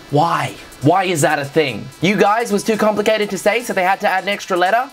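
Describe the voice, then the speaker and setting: A man's voice: high-pitched, fairly quick, hardly any pauses, fairly bright tone, faint music behind. A young man, ranting sarcastically to camera and swearing freely. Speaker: vlogger. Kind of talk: comedic rant to camera.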